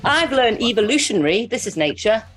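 A woman's voice: a little high, sing-song, brisk, fairly bright tone, faint music behind. A woman co-hosting a nature podcast, rambling and giggly in casual chat. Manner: rambling, giggly, lots of fillers. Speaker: podcast co-host.

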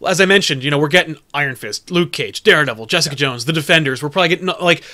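A young man chatting casually as a podcast co-host, excitable and profane, with lots of stumbling restarts. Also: on the high side, very fast. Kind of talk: casual chat.

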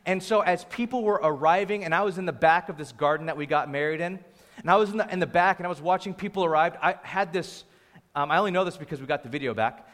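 A young adult man preaching a conversational, storytelling sermon in a lively, informal way, with a sore throat. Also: on the high side, fast. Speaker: pastor. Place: church venue. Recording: long hall reverb.

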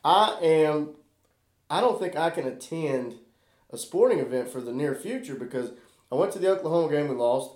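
A man spins a rowdy, profane story in casual chat, laughing as he lands each punchline. His voice sits fairly high and carries a lot of energy. The room around him is echoey. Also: animated, moderate pace, a little mellow.

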